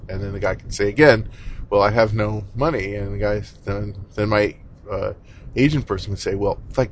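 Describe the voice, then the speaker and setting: Rambling low-voiced man telling a story. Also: moderate pace, slight background noise, rough recording. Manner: rambling, conversational storytelling with many fillers; exasperated, blunt, mild swearing. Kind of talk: casual monologue.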